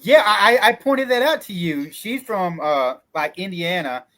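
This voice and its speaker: A man's voice: high voice, lively intonation, measured pace, sharp tone. Stammering man with a Kentucky drawl. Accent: Southern Kentucky. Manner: rambling, frequent stammered restarts. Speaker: host, indie filmmaker. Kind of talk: casual panel chat.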